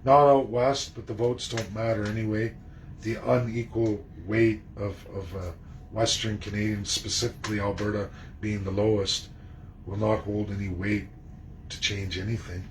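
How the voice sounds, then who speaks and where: A man's voice: fairly low pitch, little pitch movement, moderate pace, a little hiss or hum, rough recording. A man delivering an emphatic, indignant political monologue, throwing rhetorical questions at his audience and swearing freely. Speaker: political commentator.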